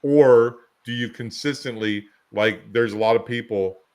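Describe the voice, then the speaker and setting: A man's voice: mid-range voice, measured pace, darkish tone, clear, resonant tone. A man co-hosting a podcast, rambling through casual anecdotes and examples in a chatty conversational way. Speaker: podcast co-host.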